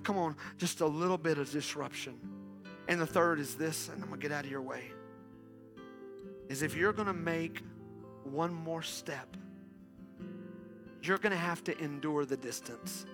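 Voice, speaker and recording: A man pastor preaching a sermon in an urgent call-and-response style, often pressing his listeners with "come on.". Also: on the high side.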